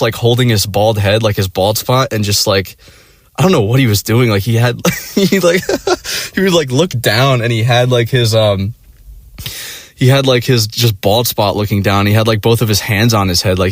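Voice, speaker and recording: A man's voice: medium pitch, dry recording, clean studio sound. A young man telling a casual, rambling story with lots of swearing and fillers. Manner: rambling, profane, many fillers. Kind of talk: casual rant.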